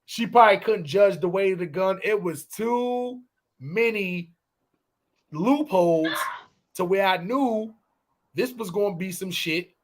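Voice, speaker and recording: A man co-hosting a podcast, telling stories in loose, profane casual chat and breaking into shouted impressions. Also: high-pitched, expressive, unhurried. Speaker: podcast co-host.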